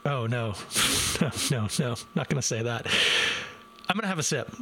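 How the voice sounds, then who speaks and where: A man's voice: medium pitch, expressive, moderate pace, a bit bright, a little hiss or hum. A man reviewing a beer live from his desk in a casual, self-deprecating way, talking straight to his viewers. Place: home desk. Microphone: desk microphone.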